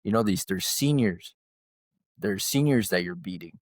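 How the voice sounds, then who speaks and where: A man voicing his old high school coach, who yells and scolds him while teasing. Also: expressive, moderate pace, no room sound, clean studio sound. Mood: scolding. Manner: yelling, scolding yet teasing.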